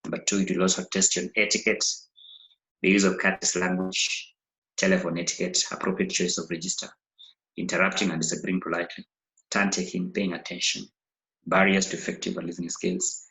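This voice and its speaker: A man's voice: low voice, flat delivery, a little fast, bright, forceful tone, low-quality recording. A male English teacher, giving an exam revision lesson and listing topics in short phrases. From Kenya.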